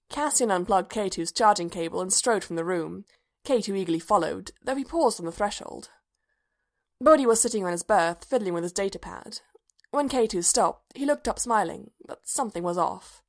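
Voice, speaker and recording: A woman reading fan fiction aloud in steady, measured narration. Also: mid-range voice. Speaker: reader.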